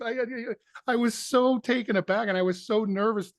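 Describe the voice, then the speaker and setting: Male actor guest, fairly high-pitched, dry close recording, animated storyteller. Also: moderate pace, no echo. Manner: animated anecdote teller, acts out quotes. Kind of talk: storytelling in an interview.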